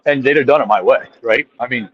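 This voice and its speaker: A man's voice: medium pitch, quick pace, lo-fi sound. A man, a podcast guest, telling stories in a casual chat, acting out quotes and restarting sentences often. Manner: animated storyteller acting out quotes, frequent restarts.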